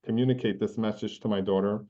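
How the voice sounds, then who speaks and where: Elderly male survivor, bitter and aggrieved, voiced by a man; quiet, low delivery, muffled sound. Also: steady tone, fast talker, lightly acted.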